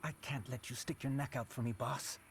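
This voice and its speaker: A man's voice: mid-range voice, steady tone, a little fast, a little hiss or hum, natural voice. A man voicing an anxious gang underling. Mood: worried. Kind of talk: video game voice acting.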